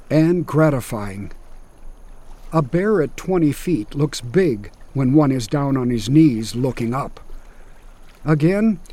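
A man giving a scripted first-person narration in a measured, matter-of-fact way. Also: on the high side, mellow.

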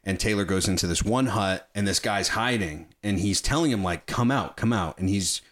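A man's voice: low-pitched, moderate pace, a bit bright. A man in a casual chat about a film, talking with animation, swearing freely and acting out quotes as he retells scenes.

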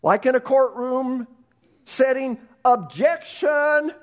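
A middle-aged male pastor preaching a sermon, telling a story with animated delivery and frequent restarts. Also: medium pitch, normal speed.

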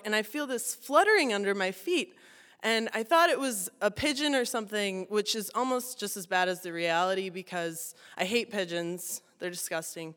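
Young woman, storyteller, chatty and self-mocking, laughs a lot, crisp voice, long reverb of a hall. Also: medium pitch, a bit bright. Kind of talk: personal storytelling to an audience.

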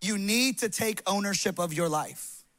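A young adult male pastor preaching a loud, passionate, animated sermon to a congregation in a church hall. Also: high voice, moderate pace.

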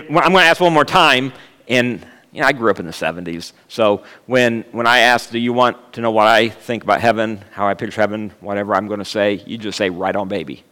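A man in his fifties delivers a sermon in a church, and the hall gives his voice a long reverb tail. He talks at a middle pitch and works the room with jokes, asides and homespun stories. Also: pushed and bright, smooth. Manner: humorous, storytelling, jokes with the congregation. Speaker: guest preacher. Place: church sanctuary.

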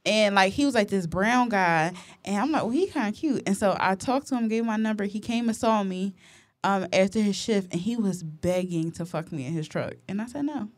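A woman's voice: mid-range voice, moderate pace. Profane woman co-host telling stories. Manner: animated storytelling, profane. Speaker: podcast co-host. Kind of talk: casual chat.

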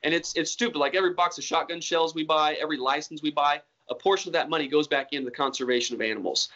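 Earnest rambling man, slightly high voice. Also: fast, pushed and bright, muffled recording. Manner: rambling, earnest, many restarts. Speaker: hunter guest. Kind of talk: casual interview talk.

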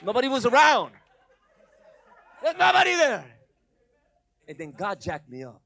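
A man preaching a lively sermon, acting out voices, breaking into shouts and laughing often. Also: very high voice, a little slow, vocal fry. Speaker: pastor.

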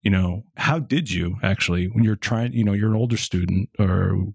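A man from New Jersey co-hosts a podcast in a fairly low voice with some gravel in it. He asks long, rambling questions in a loose, casual way. The sound is close and dry. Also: moderate pace, no echo. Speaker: podcast co-host. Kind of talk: conversational interview.

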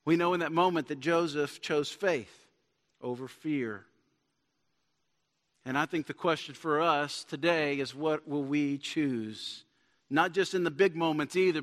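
His voice is on the high side with a fairly bright tone, and he talks a little slowly. As pastor, he preaches earnestly in a church sanctuary, building to emphatic points, with long church-hall reverb.

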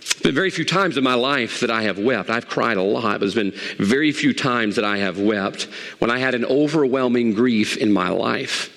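A middle-aged pastor delivers a lively sermon, jumping between loud, forceful high points and quiet asides. The recording carries a long hall reverb.

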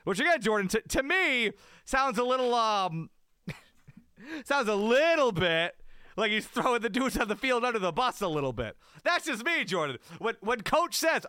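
Animated high-voiced man ranting about sports. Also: normal speed, smooth, no echo, studio quality. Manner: animated, rambling, self-mocking rants. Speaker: podcast co-host. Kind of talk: casual sports talk.

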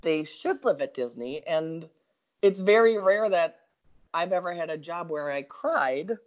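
A woman with a Minnesota accent telling a story in a casual chat, animated and quick to laugh. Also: lowish voice. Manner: animated, laughs often, talks in bursts. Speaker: guest storyteller. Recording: slightly dull lo-fi audio.

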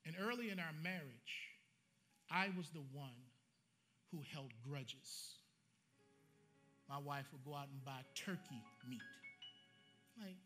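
A man preaching a sermon as pastor, animated and colloquial, joking with his congregation. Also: a little high, a little slow, pauses often, faint music behind.

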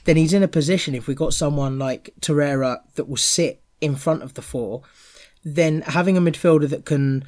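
A man's voice: a little high, moderate pace, a little mellow. A man co-hosting a casual football podcast, repeating words to stress his points.

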